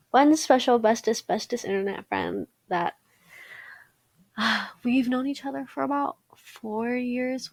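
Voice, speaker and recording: A young woman hosting a casual talk podcast, rambling and sentimental, with lots of fillers and casual swearing. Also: mid-range voice. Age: young adult. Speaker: podcast host. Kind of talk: casual chat.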